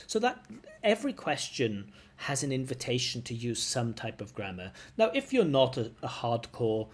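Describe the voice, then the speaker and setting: A man's voice: medium pitch, sing-song, moderate pace. A man giving spoken exam feedback as a language examiner, talking conversationally and explaining step by step.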